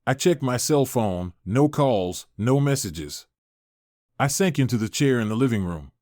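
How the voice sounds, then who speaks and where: A man narrating a first-person story in a measured, steady way. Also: mid-range voice, no room sound, clean studio sound.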